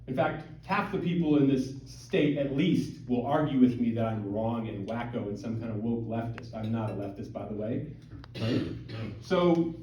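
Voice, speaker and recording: A middle-aged man from Montana giving a conversational, emphatic public talk to a parish audience, full of rhetorical questions. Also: mid-range voice. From Montana, USA. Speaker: guest speaker at a parish. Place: parish hall or church. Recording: dull, roomy, distant hall recording.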